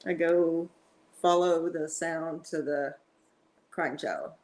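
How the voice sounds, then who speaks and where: Soft-spoken woman game player. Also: low voice, steady tone, takes it slowly.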